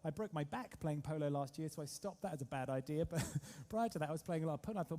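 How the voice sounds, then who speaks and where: Male trading coach, rapid and energetic, slightly higher voice with a mellow tone, works the room. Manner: energetic, storytelling, keeps polling the audience. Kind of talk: motivational seminar talk to a live audience.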